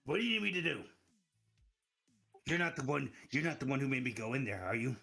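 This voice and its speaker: A man voicing an indignant, foul-mouthed young man who has been tricked, pushing his voice higher than his own as he swears through his outbursts. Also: big pitch swings, fairly quick, vocal fry, pushed and bright, soft background music, full character voice. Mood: suspicious.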